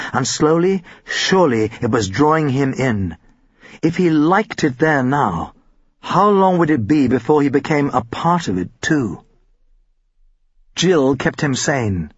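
A man narrating an audiobook in an expressive storytelling manner with a husky voice. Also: mid-range voice, no echo, lo-fi sound.

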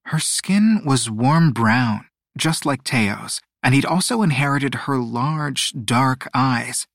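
A man narrating a fantasy novel in an even, descriptive storytelling manner. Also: medium pitch, takes it slowly, gravelly, hardly any pauses, no echo, studio quality. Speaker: audiobook narrator. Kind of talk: scripted narration.

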